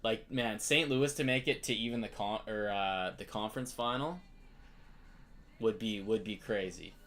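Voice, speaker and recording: A man's voice: fairly low pitch, moderate pace, a bit bright. A young Canadian man hosting a live card break stream, chatting casually and greeting viewers by name.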